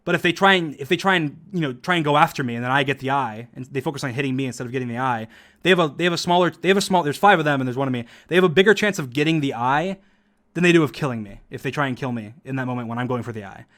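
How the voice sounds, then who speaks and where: A young man with a mid-range, somewhat bright voice streams his gameplay at a racing pace. His casual commentary rambles, restarts often, and is punctuated by frequent chuckles.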